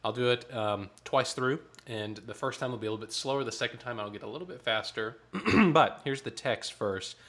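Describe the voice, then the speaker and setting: A man's voice: mid-range voice, brisk, fairly bright tone. A man leading an online choir rehearsal, explaining the tenor parts and counting off rhythms, with a piano nearby. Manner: instructive, counts and sings parts aloud. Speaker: choir director.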